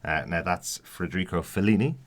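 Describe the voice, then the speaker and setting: A man's voice: deep voice, fairly quick. A man co-hosting a podcast, chatting casually about a TV episode with frequent fillers and restarts. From outside the US. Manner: hesitant, many fillers and restarts. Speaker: podcast co-host. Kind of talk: casual TV review chat.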